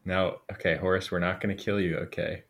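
A man playing a tabletop game, with a very deep voice and a measured, reasonable way of talking. He speaks calmly to the table. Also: gravelly. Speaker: player. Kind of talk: casual tabletop game play.

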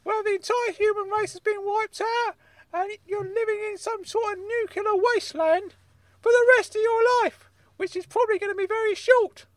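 A man voicing an excitable, easily irked uncle, scolding indignantly in a comedy podcast bit. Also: very high voice, moderate pace, no echo, pitched above the performer's own voice. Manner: indignant, scolding, calls the other mad.

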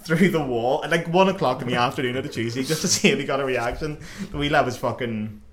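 A man's voice: medium pitch, fast. A young man hosting a podcast, telling funny stories in casual chat, laughing often and acting out the people he quotes. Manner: animated, laughing, swearing, acts out quotes. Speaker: podcast host.

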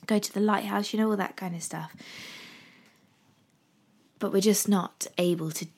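A woman's voice: mid-range voice, steady tone, moderate pace, a little mellow, slightly rough. A woman in her thirties with an English accent, chatting casually and rambling with frequent ums as she talks to her viewers. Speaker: vlogger. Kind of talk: casual chat.

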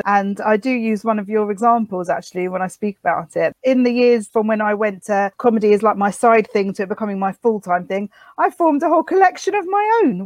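A woman hosting a podcast, a comedian herself, who asks measured questions and adds wry asides. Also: mid-range voice, a little mellow, dry recording. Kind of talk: casual podcast chat.

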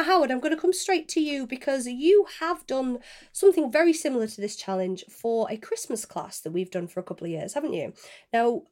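A woman hosting a baking podcast, leading the chat with a brisk, upbeat recap. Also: high-pitched, a little mellow. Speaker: podcast host. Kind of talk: casual chat, leading the discussion.

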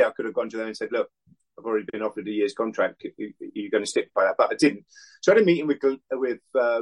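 A man's voice: medium pitch, low-quality recording. A man in his sixties, a former footballer and interview guest, telling rambling anecdotes and acting out other people's lines. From England. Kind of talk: casual storytelling interview.

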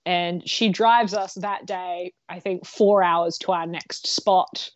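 Animated laughing woman telling a story. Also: on the low side, takes it slowly, dry recording, muffled recording. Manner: animated, laughs often, swears casually. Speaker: podcast co-host. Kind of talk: casual storytelling chat.

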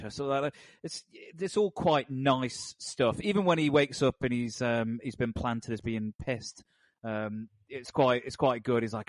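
A man's voice: medium pitch, measured pace, no echo. A man rambles wryly about a film, circling back on his words with fillers. The sound is dry and close, with no room around it. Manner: rambling, many fillers and restarts, wry. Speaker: podcast co-host. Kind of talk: casual film podcast chat.

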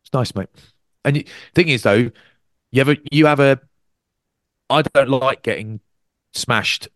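Lively man telling stories. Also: dry recording, clean studio sound. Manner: animated storyteller, acts out quotes with big pitch jumps. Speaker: podcast co-host and rugby commentator. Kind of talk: casual chat.

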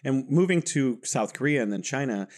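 A man's voice: medium pitch, animated, normal speed, darkish tone. A man from the United States hosting a podcast, asking curious questions in a conversational way. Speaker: podcast host. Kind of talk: casual interview chat.

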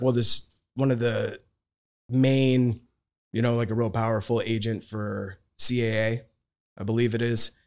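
A man hosts a podcast and speaks in a casual, rambling way. His voice is of middle pitch, and he fills his sentences with "like" and "you know". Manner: relaxed and rambling, with many fillers. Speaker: podcast host. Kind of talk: casual chat.

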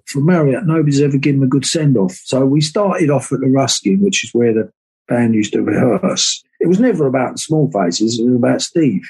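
A man's voice: medium pitch, warm tone, breathy edge, poor audio. An older man, a guest musician, telling rambling anecdotes in a casual interview and acting out the voices of people he quotes.

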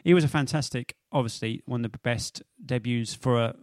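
A man's voice: mid-range voice, fairly quick, darkish tone, no echo. A man co-hosting a football podcast in casual chat, jokey and quizzing, laughing often. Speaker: podcast co-host.

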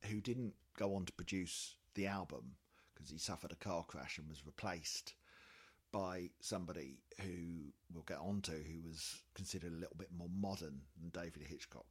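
A man's voice: low voice, breathy edge. A man co-hosting a casual chat about music, talking in a chatty, jokey way and reading quotes aloud. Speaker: podcast co-host.

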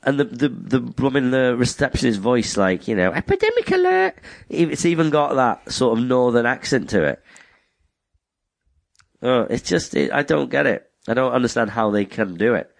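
A man's voice: mid-range voice, moderate pace, vocal fry, dry recording. A man co-hosting a casual podcast chat, making dry, wry remarks. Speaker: podcast co-host. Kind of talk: casual chat about video games.

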